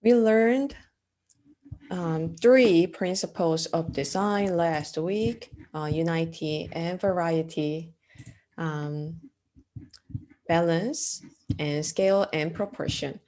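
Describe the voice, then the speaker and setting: A woman with a lowish, dark-toned voice teaches an art class at a slow pace. In this lecture, the art instructor explains design terms step by step, with frequent ums and uhs and questions to the class.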